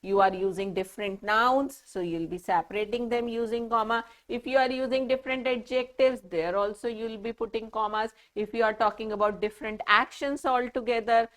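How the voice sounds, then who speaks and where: A woman teaching a grammar lesson to children, speaking patiently and pausing deliberately to show how punctuation changes meaning. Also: a little high, steady tone. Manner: patient, explaining with deliberate pauses.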